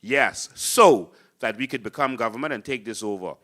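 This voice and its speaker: A man's voice: medium pitch, expressive, moderate pace, bright, forceful tone, slight background noise. A man with a Bahamian accent hosting a political talk show, talking in an impassioned, preachy way to a live studio audience. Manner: impassioned, preachy, acts out voters in mocking voices. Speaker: political host and party leader.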